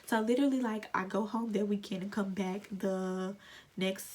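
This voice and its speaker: A woman's voice: medium pitch, steady tone, normal speed, darkish tone. A young woman telling an earnest, emotional personal story in a vlog. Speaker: lash technician vlogger.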